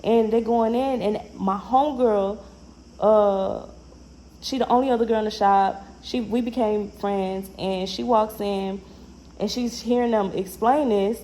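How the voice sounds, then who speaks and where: A young woman casually telling a personal story in a slangy, animated way, acting out the lines she quotes. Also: mid-range voice, measured pace, slight background noise, rough recording.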